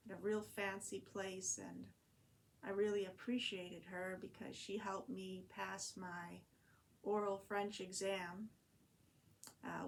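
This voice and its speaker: A woman's voice: medium pitch, gravelly, a little hiss or hum. Chatty rambling woman vlogging. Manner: rambling, chatty, with many fillers and restarts. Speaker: vlogger and online French teacher. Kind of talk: casual diary vlog.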